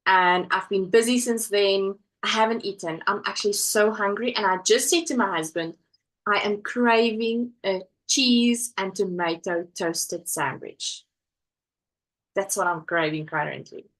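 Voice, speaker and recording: A woman's voice: mid-range voice, unhurried, a bit bright, low-quality recording. A woman hosting a casual crafting live stream from home, chatting and reading viewer comments aloud. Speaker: livestream host.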